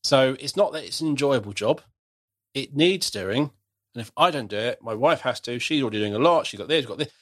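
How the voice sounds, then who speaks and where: A man's voice: mid-range voice, expressive, brisk, fairly bright tone, no room sound. Dry-voiced chatty man. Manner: chatty, self-deprecating, frequent restarts. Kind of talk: casual conversational chat.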